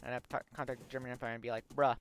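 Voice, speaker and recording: On his game livestream, a young man rambles through long, casual stories full of filler like "um" and "like." He talks at a racing pace in a medium, level, slightly bright voice, with a little background noise.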